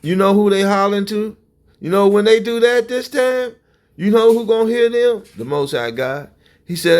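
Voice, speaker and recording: A man preaching fiery religious commentary in a confrontational way, often breaking into shouts. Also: high-pitched, moderate pace.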